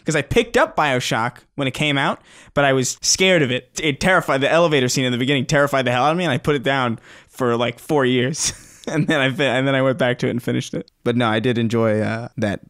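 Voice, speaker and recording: A man co-hosting a podcast in casual chat, upbeat and easygoing, quick to laugh. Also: mid-range voice, fairly bright tone. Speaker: podcast co-host.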